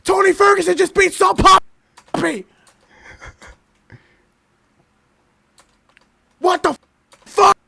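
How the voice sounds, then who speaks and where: A young man streaming a live fight reaction, shouting and swearing in disbelief. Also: very high-pitched, fairly even intonation, measured pace, vocal fry, no room sound.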